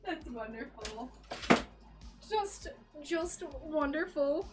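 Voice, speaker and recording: A woman's voice: high voice, lively intonation, drawn-out words, soft background music. An American woman livestreaming her stained glass craft, chatting casually and giggling as she greets viewers.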